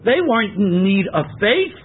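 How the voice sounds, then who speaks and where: A man's voice: high voice, sing-song, normal speed, breathy edge. A man teaching a Torah class, translating verses phrase by phrase and stressing key words. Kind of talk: text-study lecture. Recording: tinny phone-like lecture recording.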